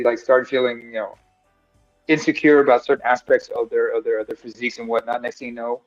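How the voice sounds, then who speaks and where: A man's voice: medium pitch, highs cut off. A man hosting a casual live-stream talk about combat sports, rambling and searching for words with many fillers.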